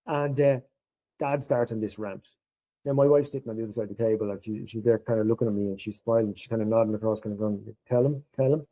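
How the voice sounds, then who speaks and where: Dark-voiced Irish man telling a story. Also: on the low side, quick pace, poor audio. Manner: animated storyteller acting out quoted dialogue. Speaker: podcast guest. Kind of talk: anecdotal interview storytelling.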